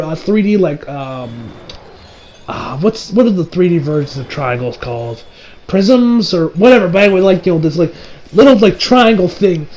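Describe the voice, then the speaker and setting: A man's voice: high-pitched, darkish tone, poor audio. A man casually recapping an anime episode, rambling with many fillers and briefly acting out the characters' lines. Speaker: anime reviewer.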